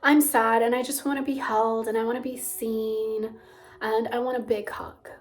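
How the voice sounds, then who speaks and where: A woman voicing a sad little child who wants to be held and hugged, speaking softly and hushed. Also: on the high side, fairly even intonation, moderate pace, close to an everyday voice. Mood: tender, sad.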